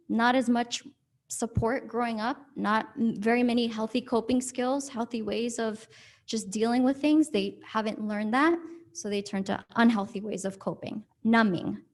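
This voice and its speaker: Woman counselor, calm and practical, mid-high voice, conversational talk. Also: moderate pace. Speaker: counselor giving a church talk. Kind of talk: talk with audience questions. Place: church hall.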